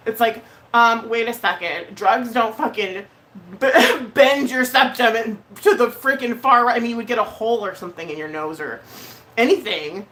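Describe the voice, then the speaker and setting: A woman vlogger chatting casually on a live stream, blunt and heated, swearing often and pausing on fillers. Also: fairly high pitch, a bit bright. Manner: emotional, hesitant with many fillers.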